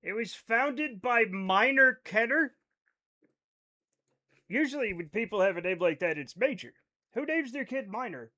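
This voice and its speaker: A man's voice: very high voice, expressive, measured pace, long pauses, sharp tone. A man with a Rhode Island accent, chatting casually on a live game stream, rambling as he reads chat aloud and riffs on it.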